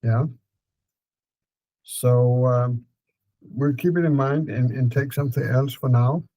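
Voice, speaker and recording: Calm man guiding a therapy session. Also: mid-range voice, takes it slowly, no echo, low-quality recording. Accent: Danish. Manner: calm, repetitive prompting with fillers.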